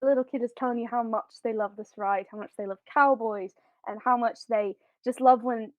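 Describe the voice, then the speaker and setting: A woman's voice: a little high, steady tone, fairly quick, few pauses, dry recording. A woman running a tabletop role-playing game on a live stream, narrating scenes casually, laughing often and swearing now and then. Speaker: game master. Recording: dry, phone-like audio.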